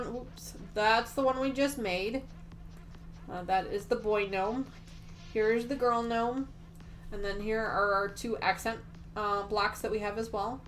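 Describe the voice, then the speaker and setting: A woman's voice: on the high side, a bit bright, slight background noise. A woman hosting a quilting livestream, chatting casually and gushing over her projects while answering viewers. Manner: gushing and chatty, reads viewer comments aloud.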